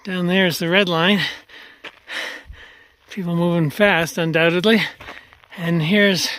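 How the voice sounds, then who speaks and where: A man's voice: sits high, fairly even intonation, fairly bright tone. Breathless man gasping on a mountain climb. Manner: panting, halting speech. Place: outdoors on a mountain trail.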